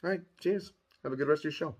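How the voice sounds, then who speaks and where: A man's voice: on the high side, fast talker, slightly rough, pitched above the performer's own voice. A man voicing a brash, foul-mouthed male sports fanatic with a New Jersey accent, delivering a swaggering trash-talking rant in a recorded video monologue.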